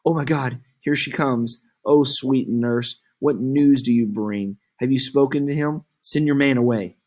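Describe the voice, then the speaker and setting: A man reading the part of an impatient young girl in love, slowly and evenly from the text in a classroom play reading. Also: medium pitch, steady tone, darkish tone, pitched above the performer's own voice, natural voice.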